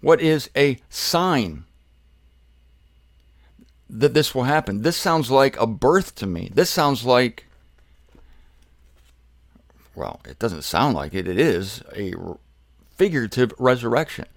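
Male preacher, mid-pitched, gravelly, emphatic sermon delivery, dry close sound. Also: sing-song, slow, long pauses, no room sound. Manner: emphatic, asks and answers rhetorical questions.

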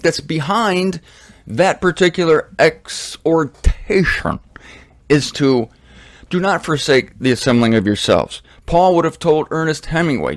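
An older man giving a casual, chatty Bible lesson with jokey asides and digressions. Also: on the high side. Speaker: Bible teacher.

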